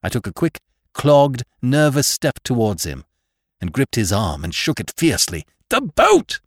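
A man's voice: mid-range voice, very animated, moderate pace, dry recording, studio quality. A man narrating a classic horror story as a podcast host, reading dramatically and rising and sinking with the tension. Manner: dramatic, rises and sinks with the tension.

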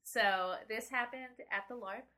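A woman's voice: on the high side, measured pace, bright, forceful tone, a little hiss or hum. A woman game designer, a guest in a casual interview, telling stories in a rambling, self-deprecating way with many fillers.

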